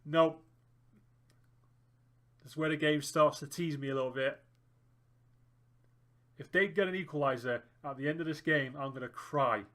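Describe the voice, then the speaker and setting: Excitable lad narrating his game. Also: a little high, normal speed, pauses often. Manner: excitable, groans and cheers at the match. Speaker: gaming YouTuber. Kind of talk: let's play commentary.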